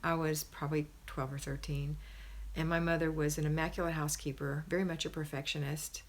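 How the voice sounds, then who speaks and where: A woman's voice: deep voice, level tone, fairly quick. A middle-aged woman hosting a live stream, giving homemaking advice in an emphatic, conversational way and often asking "right?".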